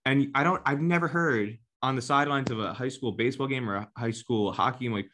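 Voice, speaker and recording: Bright-voiced animated man. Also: mid-range voice, a little fast, few pauses. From New Jersey, United States. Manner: animated, acts out quoted critics in a raised mocking voice. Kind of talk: casual conversation.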